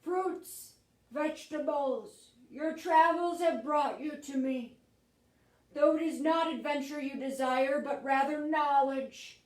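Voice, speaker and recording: A solemn old raisin sage from a storybook speaks in slow, drawn-out lines, as a woman puts him on in a high voice. His grand, mystical words ring around an echoey room, heard from some distance away. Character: ancient wise male raisin sage, solemn. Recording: roomy echo, voice from a distance.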